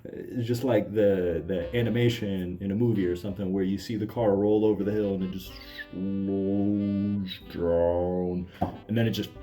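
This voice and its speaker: A man reads a picture book aloud in a low, warm, relaxed voice. He keeps interrupting himself with dry, mocking asides. Soft music plays faintly behind him. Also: fairly quick, hardly any pauses. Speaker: comedic reader. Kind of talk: sarcastic read-aloud commentary.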